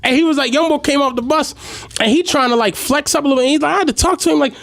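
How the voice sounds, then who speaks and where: A man's voice: extremely high pitch, very fast, gravelly, no room sound, clean studio sound. A man co-hosting a podcast, telling stories in a casual chat and acting out the voices of the people in them. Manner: animated, acts out voices in his stories. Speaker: podcast co-host.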